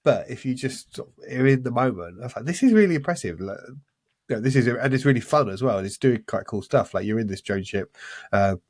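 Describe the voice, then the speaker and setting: Husky man, enthusiastic podcast host. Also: mid-range voice, brisk, no echo, studio quality. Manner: enthusiastic, rambling with restarts. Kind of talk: casual podcast chat.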